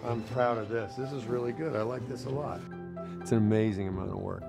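A man's voice: mid-range voice, steady tone, fairly quick, vocal fry. A man, a voice actor, telling stories in a dry, amused way in a behind-the-scenes interview. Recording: music playing underneath.

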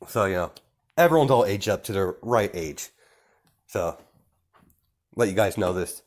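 A man with a very low voice narrating a fan story on the fly. He rambles casually, full of fillers, restarts and asides to his listeners. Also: expressive, measured pace.

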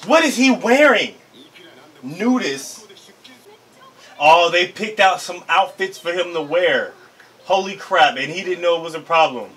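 Male anime reactor, bright high voice, laid-back pace, slangy and excitable. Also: a little slow, pauses often, faint music behind. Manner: hyped, slangy, laughs often. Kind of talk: excited casual reaction commentary.

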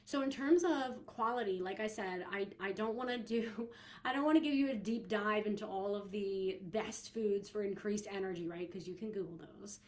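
A young woman hosts a casual podcast in a chatty, bubbly way. She giggles often and trips over her words with fillers and restarts. Her pitch sits in an ordinary middle range. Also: normal speed. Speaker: podcast host and coach.

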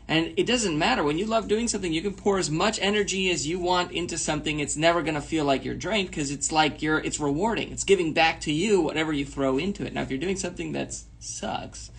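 A man with a gravelly, husky, slightly high voice co-hosts a casual talk show. He talks things through in a reflective way, explaining his point at length. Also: fast talker, few pauses, fairly bright tone. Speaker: co-host. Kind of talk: casual chat.

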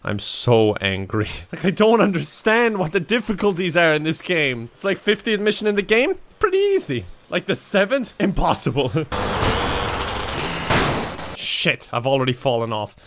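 A young Irish man giving joking, excitable let's play commentary, laughing often. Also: high voice, normal speed, slight background noise. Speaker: gaming YouTuber.

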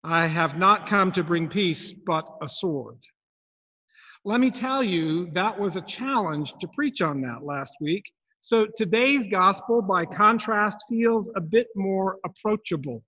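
Man giving a sermon, higher voice, slow and thoughtful, lots of questions, big church echo. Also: expressive, sharp tone. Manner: reflective, asks many questions. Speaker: preacher. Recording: long church reverb.

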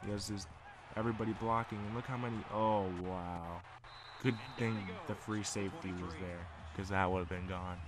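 A man's voice: lowish voice, normal speed, music in the background. A man commentating his own football video game, calling plays like a sportscaster. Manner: excitable, calls plays like a sportscaster. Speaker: gamer commentating his play. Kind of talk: casual play-by-play commentary.

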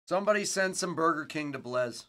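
A man hosting a card break, joking and mournful, swinging from low mutters to loud cravings. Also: animated, a little fast. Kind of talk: casual live card-break chat.

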